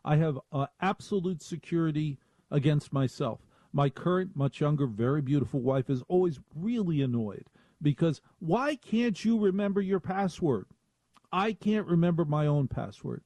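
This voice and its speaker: A man hosting a radio talk show, rambling and self-mocking, with animated asides, in a studio. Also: on the high side, normal speed, no echo.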